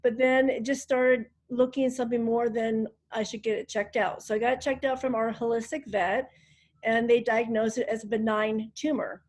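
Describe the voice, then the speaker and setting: A woman with a fairly high voice hosts a group call from a hotel room. She talks casually and chattily, filling her pauses with ums. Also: flat delivery, a little mellow. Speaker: host of a group wellness call. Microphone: online group call.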